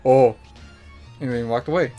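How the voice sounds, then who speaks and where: Profane, animated male podcast host. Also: fairly high pitch, moderate pace, muffled recording, faint music behind. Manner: profane, animated, acts out the people he quotes. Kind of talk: casual storytelling.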